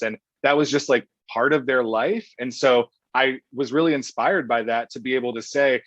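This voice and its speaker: A man from Oklahoma speaking as a guest in a podcast conversation, talking thoughtfully with pauses and restarts. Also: medium pitch, fairly bright tone, no echo, dull audio. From Oklahoma, USA. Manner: thoughtful, hesitant with fillers and restarts. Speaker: guest, professor.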